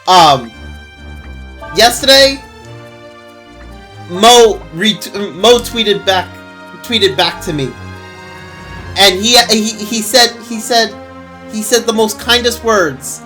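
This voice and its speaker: A man streaming a video game and chatting casually with viewers, excitable and gushing, laughing often. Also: high-pitched, slow, pauses often. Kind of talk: casual gameplay stream chat. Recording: faint game music behind.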